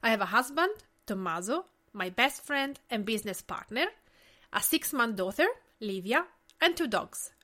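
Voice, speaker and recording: A woman's voice: on the high side, a bit bright. A woman in her late thirties from Tuscany with an Italian accent, hosting her own podcast in a scripted, earnest and personal way. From Tuscany, Italy. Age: 30s. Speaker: podcast host.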